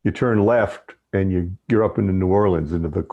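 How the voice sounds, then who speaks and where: A man who is a guest on a podcast, telling stories in an easygoing, unhurried way. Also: deep voice, lo-fi sound. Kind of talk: casual interview chat.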